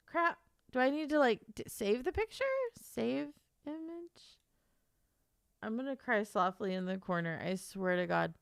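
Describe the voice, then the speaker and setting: A woman author chatting live on her stream, excitable and swearing freely, repeating herself as she talks to viewers. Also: a little high, vocal fry, smooth, no room sound, studio quality. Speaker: livestreamer and author. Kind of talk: casual live stream chat.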